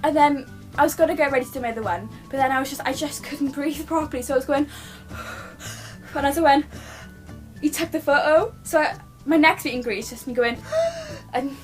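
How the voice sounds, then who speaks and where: Young british girl vlogging at home, high voice, gushy rambly storytelling, faint music behind. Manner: gushing, rambling, many restarts. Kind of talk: excited personal storytelling.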